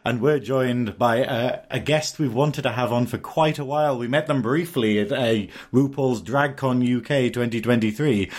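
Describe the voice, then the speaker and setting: A man hosting a podcast in casual chat, camp and teasing, laughing often. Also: mid-range voice. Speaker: podcast host.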